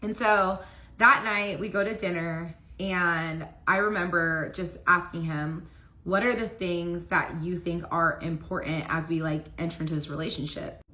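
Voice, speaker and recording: A woman's voice: on the low side, steady tone, measured pace, bright, forceful tone. A young woman casually telling a personal story, peppering her speech with "like" as she talks. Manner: casual, heavy use of "like" fillers.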